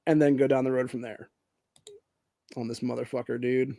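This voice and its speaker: Profane ranting man, dark dry voice. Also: medium pitch, flat delivery, moderate pace, vocal fry, no room sound. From Ohio, USA. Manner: profane, angry, says "dude" often. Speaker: podcast host. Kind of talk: casual political rant.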